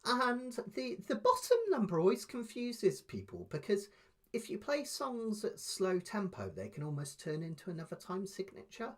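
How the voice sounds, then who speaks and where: Guy teaching ukulele live, husky voice, goes up and down a lot, counts beats real soft. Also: high voice, very animated, normal speed. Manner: patient, explains step by step, softly counts beats aloud. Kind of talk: live online music lesson.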